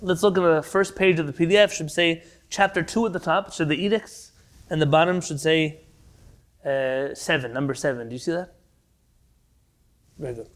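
A man teaching a class over a video call, with a fairly high pitch for a man. He tells stories in an animated, conversational way. He sometimes restarts a phrase as he goes. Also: normal speed, pauses often. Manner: animated storyteller, some restarts. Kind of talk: online class, storytelling lecture.

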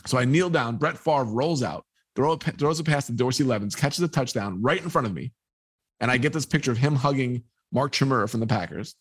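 A man recounting a story as an interview guest, mid-pitched and close to the mic in a dry space. He tells it with energy and slips into the voices of the people he quotes. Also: a little fast, husky, no echo. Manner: animated, acts out quoted dialogue. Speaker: sports photographer, interview guest. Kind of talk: storytelling anecdote.

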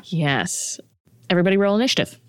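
Relaxed game master running a tabletop game. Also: medium pitch, quick pace, clear, resonant tone. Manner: relaxed, amused, steady narration.

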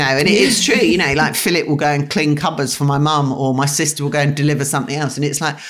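A woman's voice: sits low, fast, few pauses. A middle-aged woman from England, a chef, chatting casually in a home kitchen and rambling with many restarts. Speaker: chef and guest. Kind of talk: casual interview chat.

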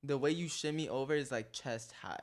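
A man's voice: mid-range voice, fairly quick. A man in casual chat with a friend, laid-back and teasing, speaking in slang. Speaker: friend and fellow graffiti writer.

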